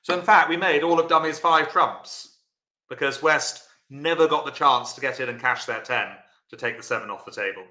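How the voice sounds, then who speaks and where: A man's voice: medium pitch, normal speed, bright, forceful tone, roomy sound. A man teaching a live-streamed bridge lesson, chatty and encouraging, answering viewers by name.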